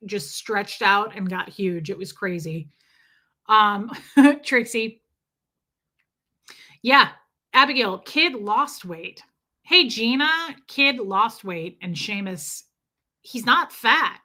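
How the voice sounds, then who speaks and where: A woman's voice: a little high, bright, forceful tone. A woman hosting a casual livestream, reading chat and rambling, cooing over her cat and swearing offhand. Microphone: streaming setup.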